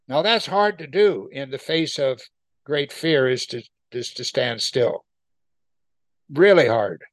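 A man's voice: a little high, unhurried, dry recording. A man leading a Bible study, reading scripture aloud and explaining it in plain conversational talk, often asking his listeners questions. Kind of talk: verse-by-verse Bible teaching.

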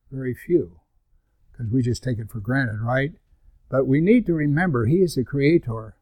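An older male pastor preaching with a dynamic, conversational style. He reads scripture loudly and with emphasis, then drops into quiet asides and rhetorical questions. His voice sits at a middle pitch and is recorded dry and close, with little room sound. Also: dry recording. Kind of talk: sermon.

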